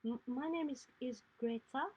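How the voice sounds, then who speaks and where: A woman's voice: fairly high pitch, slow pace, a little mellow, breathy edge, pitched above the performer's own voice, poor audio. A woman voicing a nervous little girl who stammers and hesitates.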